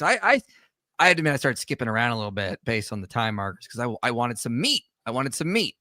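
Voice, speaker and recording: Lively joking male host. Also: mid-range voice, no room sound, studio quality. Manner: animated, joking, talks in quick bursts. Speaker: show host. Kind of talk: casual group chat.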